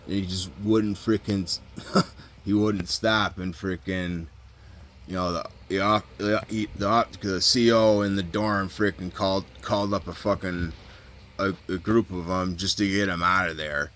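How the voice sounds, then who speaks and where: A man with a deep, low-pitched voice and a bright, forceful edge tells a story in a loose, casual monologue. He rambles, restarts his sentences and leans on fillers and swearing throughout. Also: steady tone, unhurried. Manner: rambling, heavy fillers and profanity, frequent restarts. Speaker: vlogger recounting prison stories.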